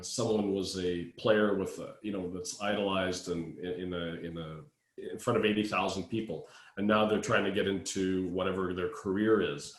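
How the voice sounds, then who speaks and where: Man hosting a panel, halting questions. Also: sits low, echoey room. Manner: friendly, halting questions with fillers. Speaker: panel host. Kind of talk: conference panel interview.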